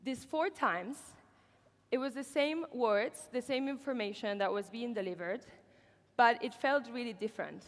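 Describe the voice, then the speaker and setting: A woman's voice: a little high, normal speed, long reverb tail. A woman presenting at a conference in an upbeat way, with the odd filler. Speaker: conference speaker. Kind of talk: keynote presentation. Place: conference hall.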